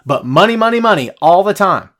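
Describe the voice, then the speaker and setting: A man's voice: sits high, expressive, a little fast, a bit bright. A man hosting a casual podcast livestream, ranting bluntly and passionately while answering viewer comments. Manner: casual slangy talk with many repeats. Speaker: wrestling podcast host.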